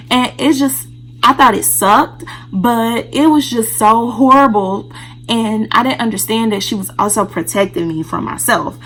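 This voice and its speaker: A woman's voice: on the high side, measured pace, a bit bright, rough recording. A woman vlogger telling a personal story in a candid, casual way, speaking straight to her viewers.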